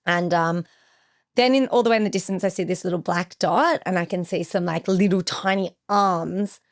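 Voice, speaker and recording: A woman's voice: lowish voice, steady tone, moderate pace. A young woman recounting a personal ordeal as a podcast guest, with vivid retelling and acted-out quotes. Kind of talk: emotional personal storytelling.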